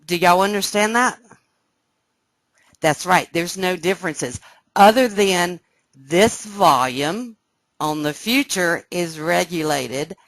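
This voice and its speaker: A woman teaching a live trading webcast, explaining step by step and often checking that listeners follow, sounding excited. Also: on the low side, slow pace, dry recording. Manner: excited, animated. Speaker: trading instructor. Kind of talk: live trading room lesson.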